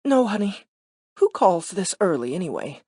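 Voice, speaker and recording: Brief: a man playing a teasing wealthy wife in her fifties, husky and lively. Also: sits high, moderate pace, dry recording, clean studio sound, pitched above the performer's own voice, full character voice. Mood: flirty. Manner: playful, teasing, lightly sultry.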